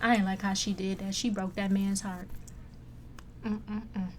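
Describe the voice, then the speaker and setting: A woman reviewing movies in a casual chat, blunt, profane and animated as she rants. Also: medium pitch, a little slow.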